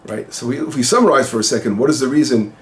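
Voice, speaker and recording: A fast-talking rabbi with a medium-pitched voice walks through the weekly Torah portion informally. Hebrew phrases get explained and translated as he goes, and he raises questions only to answer them himself.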